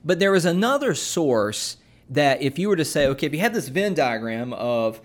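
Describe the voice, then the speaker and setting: This podcast co-host has a fairly high, very animated voice as he walks through scripture in easygoing conversation. His delivery is unhurried and full of fillers and false starts, like a talk-show co-host doing some teaching.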